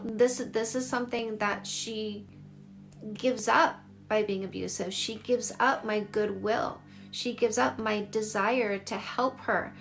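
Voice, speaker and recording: Gravelly-voiced woman in her forties. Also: mid-range voice, fairly bright tone. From Canada. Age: 40s. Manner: candid, emphatic, repeats phrases. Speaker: dating coach. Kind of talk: livestream chat answering viewer comments.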